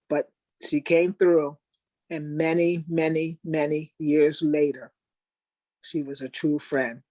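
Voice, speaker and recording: An older woman, a Special Olympics athlete, telling animated stories in a webinar interview over a video call. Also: low voice, a little slow, no room sound. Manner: animated storyteller, acts out quoted people. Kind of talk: storytelling in an interview.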